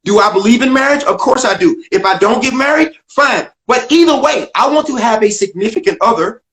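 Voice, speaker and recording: With lively intonation, a fairly quick pace, and a slightly bright sound, an older stand-up comedian spins an animated tale as a video interview guest. He stresses his words, performs the dialogue, and ranges widely in pitch, in a room full of echo.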